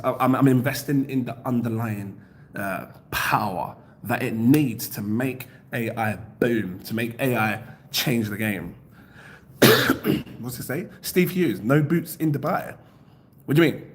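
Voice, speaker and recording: Laughing, chatty man on a crypto livestream. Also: a little slow. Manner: laughs often, reads out chat comments; animated, jumps up in pitch when excited. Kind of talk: casual livestream chat.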